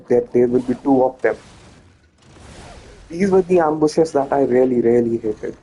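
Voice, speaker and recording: A man's voice: mid-range voice, normal speed, long pauses, dark tone, breathy edge, rough recording. A man casually talking viewers through a video game as he plays, chatty and often correcting himself mid-sentence. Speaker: gameplay commentator. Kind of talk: casual let's-play commentary.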